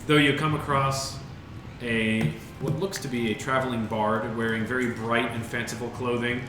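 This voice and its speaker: A man's voice: mid-range voice, steady tone, moderate pace, background noise. A man narrating a tabletop game as game master, describing scenes with frequent fillers. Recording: roomy echo with music behind.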